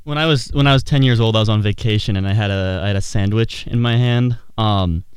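A man's voice: on the low side, fairly quick, clean tone, dry recording, studio quality. A young man, a college student, chatting casually with friends on a radio show, telling stories with many hesitant fillers. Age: young adult. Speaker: co-host. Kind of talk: casual chat.

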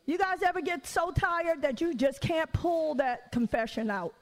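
A woman's voice: very high-pitched, normal speed, few pauses, big-room sound. A middle-aged woman preacher giving a conversational sermon, telling stories, acting out what people said and adding joking asides. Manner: storytelling, acts out quoted voices, joking asides.

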